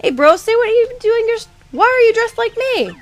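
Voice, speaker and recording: An excitable young hero squawks in a high, indignant voice, well above normal male pitch, as a woman plays him while reading game text. Faint game music hums behind. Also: brisk.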